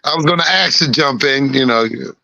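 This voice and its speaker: A middle-aged man with a slight lisp, talking in a relaxed, laughing way on a podcast. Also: mid-range voice, a little fast, vocal fry, lo-fi sound. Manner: laid-back, laughing, peppered with "you know what I'm saying". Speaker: guest rapper. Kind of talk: casual podcast chat.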